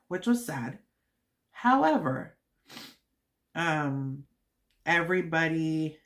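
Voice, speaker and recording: A woman hosting a live stream, chatting casually and venting in a rambling way with many fillers. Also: sits low. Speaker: channel host.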